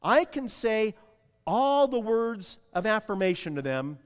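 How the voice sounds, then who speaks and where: High-pitched guy preaching in a church, asks the crowd to say stuff back, lots of reverb. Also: sing-song, unhurried, smooth. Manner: repeats key lines, asks the congregation to respond. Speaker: pastor. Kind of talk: sermon. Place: church sanctuary.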